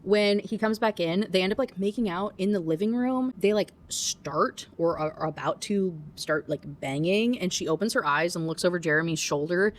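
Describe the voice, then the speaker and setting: A woman giving a casual rant review of a book, animated, swearing often and breaking into laughter. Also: on the low side, normal speed, hardly any pauses.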